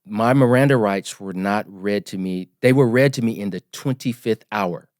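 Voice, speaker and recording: A man in his forties, a podcast guest, telling his story in an earnest, emphatic, measured way. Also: lowish voice, a little mellow, clear, resonant tone, dry recording, studio quality. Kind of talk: storytelling interview.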